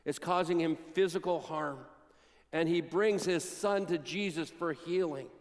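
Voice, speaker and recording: A man preaching a sermon, retelling Bible stories and acting out the quotes with dramatic pauses. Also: on the high side, big-room sound. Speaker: pastor. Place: church sanctuary.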